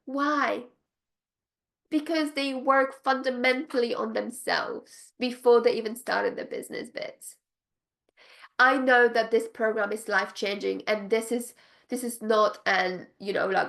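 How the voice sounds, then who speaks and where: Her voice is high-leaning and gravelly, a little slow, as she pitches directly to viewers as a coach for spiritual entrepreneurs. Effusive and emphatic, she repeats phrases for effect and breaks into excited laughter.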